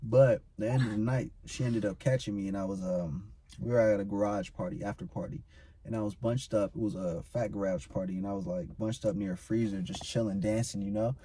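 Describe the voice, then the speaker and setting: A man's voice: lowish voice, steady tone, a little fast, warm tone, a little hiss or hum. A young adult man, a guest in a casual chat, telling stories in a laid-back, slangy way.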